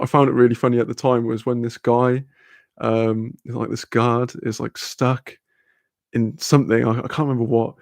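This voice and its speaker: A man's voice: mid-range voice, vocal fry, darkish tone, dry recording, studio quality. A British man hosting a casual live-stream chat, rambling, swearing freely and laughing often as he reads viewer comments.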